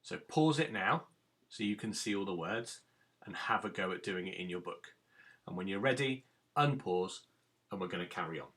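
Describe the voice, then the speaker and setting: A man's voice: deep voice, animated, normal speed, fairly bright tone. A man teaching a recorded phonics lesson to young children, giving patient step-by-step instructions. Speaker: primary school teacher.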